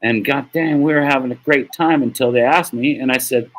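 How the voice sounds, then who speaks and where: A man's voice: medium pitch, a little fast, fairly bright tone, rough recording. An American man streaming to his viewers in a casual, rambling monologue that is heartfelt and profane, with laughs. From United States.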